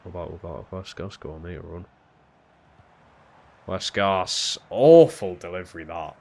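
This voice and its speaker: A young man streaming a football video game, giving live commentary that drops to low mutters and jumps to shouts when something big happens, with plenty of swearing. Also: measured pace, vocal fry, a little hiss or hum.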